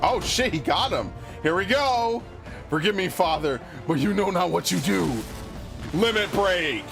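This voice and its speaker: A man streaming a game, reacting with excited outbursts, laughter and swearing. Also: high voice, moderate pace, gravelly, over music. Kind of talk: live gameplay commentary.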